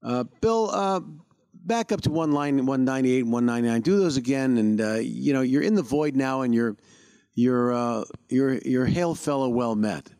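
A man's voice: mid-range voice, lively intonation, moderate pace, warm tone, clear, resonant tone, natural voice. A man voicing a polite recording engineer who hesitates, stumbles over restarts and fills gaps with "uh". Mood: coaxing.

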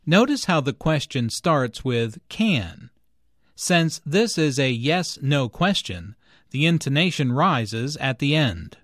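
A man narrating a scripted English lesson and reading dialogue lines, in a clear, deliberate, explanatory way. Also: medium pitch, very animated, a bit bright, dry recording, clean studio sound.

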